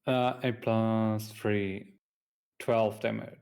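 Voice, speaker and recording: A man's voice: on the low side, flat delivery, extremely slow, vocal fry, darkish tone. A man playing a tabletop game on stream, talking hesitantly with many ums. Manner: hesitant, many ums, mutters when he slips. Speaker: player.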